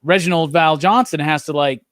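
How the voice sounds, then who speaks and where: A man hosting a casual movie review chat, talking with animated enthusiasm and leading the discussion. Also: on the high side, normal speed, dry recording. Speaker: podcast host.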